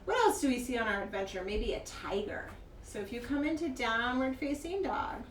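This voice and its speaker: A woman teaching a kids' yoga class, gentle, playful and encouraging as she guides a child through poses. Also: fairly high pitch, expressive, normal speed, far from the mic, slight background noise. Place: yoga studio. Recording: echoey room, mic from afar.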